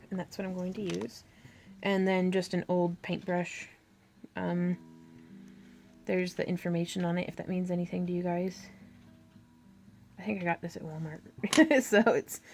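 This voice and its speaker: A woman with a low-ish, darkish voice hosts a crafting tutorial. She chats casually and thinks aloud as she works, sprinkling in fillers and little laughs.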